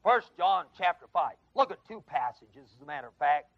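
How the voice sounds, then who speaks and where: A man with a high voice and a gravelly edge teaches a Bible class, pressing his points hard and firing questions at the students. The sound is dry and close, on a dull, lo-fi tape from 1979. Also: big pitch swings, fairly quick, dry recording. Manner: emphatic, quizzes the class with questions. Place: adult education classroom.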